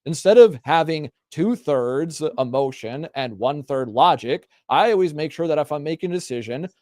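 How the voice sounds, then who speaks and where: A man hosting a casual panel talk show, speaking emphatically and building up to forceful rhetorical questions. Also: fairly high pitch, expressive, moderate pace, no echo, studio quality. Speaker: podcast host.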